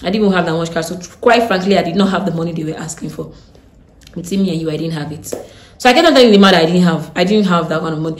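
A young Nigerian woman with a Nigerian accent, telling a story in a blunt, animated way with Pidgin turns of phrase. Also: lowish voice, brisk. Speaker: vlogger. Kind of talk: casual storytime. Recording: echoey room.

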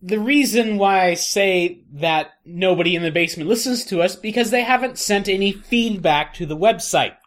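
A man's voice: sits high, normal speed, few pauses, a bit bright. A man with a Midwestern American accent co-hosting a comedy podcast, patiently trying to make his point while being interrupted. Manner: patient, keeps trying to get a word in. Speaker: podcast co-host. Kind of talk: casual comedic chat.

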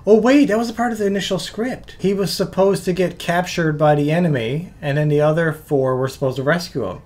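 A movie reaction host with a Newfoundland accent, chatting excitedly through a film and laughing often. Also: medium pitch, a little fast. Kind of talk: casual reaction commentary.

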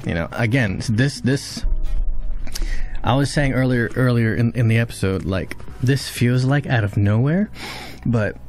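A man giving casual, excitable commentary while reacting to an anime episode, swearing freely, his voice jumping high when he is shocked. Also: unhurried, soft background music.

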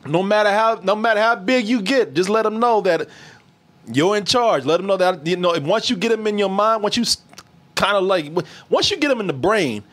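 A man's voice: sits high, expressive, fairly quick, fairly bright tone. A man hosting a podcast, telling a funny childhood story in casual chat, laughing often and acting out the quotes. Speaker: podcast host.

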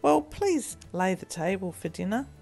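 A woman voicing a patient mother who speaks calmly and gently but firmly. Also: mid-range voice, moderate pace, vocal fry, soft background music. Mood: gentle firm.

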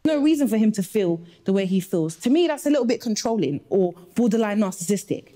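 A woman guest makes her case firmly in a couple's dispute. Her voice is mellow and dark-toned, and she lays out her points one by one in a defensive way. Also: medium pitch, big pitch swings, fast. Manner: firm, defensive, argues point by point. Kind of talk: casual debate.

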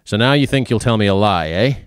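A man reading aloud and voicing a stern older male drugstore owner who speaks quietly and accuses bluntly. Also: lowish voice, animated, fairly quick, clean tone, dry recording, studio quality, lightly acted. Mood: accusing.

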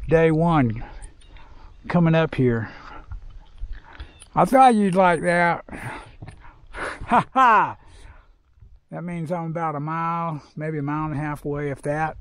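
A man's voice: fairly high pitch, a little mellow, no room sound. An older man vlogging outdoors on a hiking trail, talking in a heartfelt, rambling way and trying to hold back tears. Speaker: hiker vlogger. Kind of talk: reflective trail vlog.

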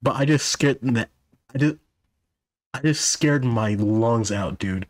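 A man's voice: medium pitch, slow pace, no echo. A young man commenting on a horror game he is playing, rambling and poking fun at himself. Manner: rambling, self-deprecating and jokey. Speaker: gaming video host. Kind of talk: let's play commentary. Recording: music bed under voice.

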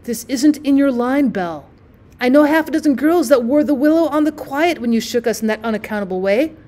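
A woman reading the part of an excitable young gentleman who sputters emphatically. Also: high-pitched, brisk. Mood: pleading. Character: excitable young male society friend.

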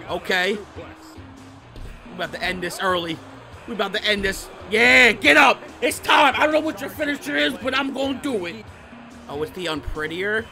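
A man giving excitable, profane gameplay commentary, trash-talking and bursting into shouts while he plays. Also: high voice, moderate pace, vocal fry, faint music behind. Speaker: gaming YouTuber.

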